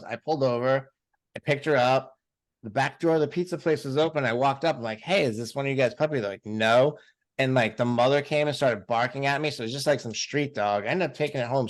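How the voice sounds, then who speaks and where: A man co-hosting a casual chat, telling stories in an animated way and swearing freely. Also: medium pitch. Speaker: podcast co-host.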